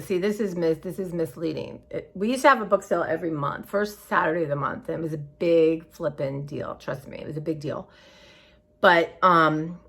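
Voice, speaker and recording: A woman's voice: low voice, normal speed, creaky, fairly bright tone, breathy edge. A woman vlogging in a casual, rambling way, chatty and scattered, sounding tired and emotional. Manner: scattered, chatty, says y'all often. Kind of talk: casual rambling chat to viewers.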